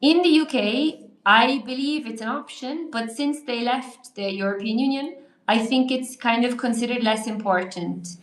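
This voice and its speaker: A woman's voice: fairly high pitch, normal speed, roomy sound. Chatty Irish woman teaching English live. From Ireland. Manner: chatty, reads viewer comments aloud and answers them. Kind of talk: live-streamed English lesson.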